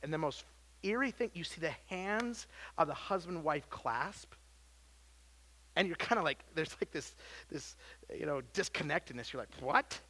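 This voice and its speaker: A man preaching a sermon, swinging from loud emphasis to quiet, low lines and often restarting his words. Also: lively intonation, moderate pace. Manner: self-interrupting with repeated words. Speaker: pastor.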